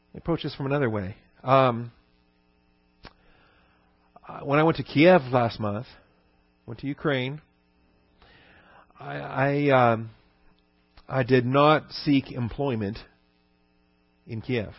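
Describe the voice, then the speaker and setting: A man's voice: medium pitch, takes it slowly, creaky, long pauses, no room sound, dull audio. A man preaching a teaching sermon in a conversational way, with rhetorical questions, fillers and restarts. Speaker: pastor.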